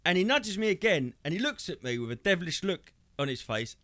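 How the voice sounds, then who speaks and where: A man, co-hosting a podcast, telling a crude story in a lively, swearing, animated way and acting out other people's lines. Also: high voice, a little fast. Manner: animated, swearing, acts out quoted voices. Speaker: podcast co-host. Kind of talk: casual comedic storytelling.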